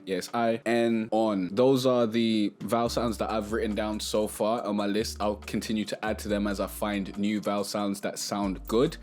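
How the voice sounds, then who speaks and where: A man hosting a casual music tutorial, talking to camera in a relaxed, chatty way and sometimes singing short melody snippets. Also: lowish voice, normal speed, few pauses.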